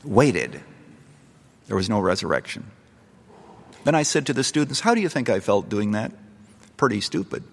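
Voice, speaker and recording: A man's voice: on the low side, sing-song, moderate pace, vocal fry, long pauses. A middle-aged male pastor preaching a sermon, telling a story and building to impassioned appeals. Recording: long reverb of a large hall.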